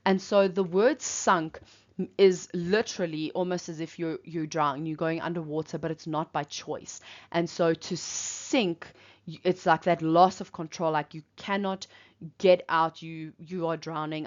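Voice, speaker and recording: Low-voiced woman teacher explaining a poem. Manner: reflective, explanatory, quotes lines then unpacks them. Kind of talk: poetry analysis lesson. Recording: dull lo-fi recording.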